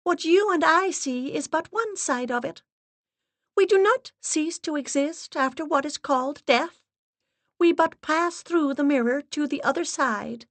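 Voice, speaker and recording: A woman voicing a solemn, stern medium's assistant who intones rules in a formal, steady monotone. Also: high voice, no echo, voice pushed up.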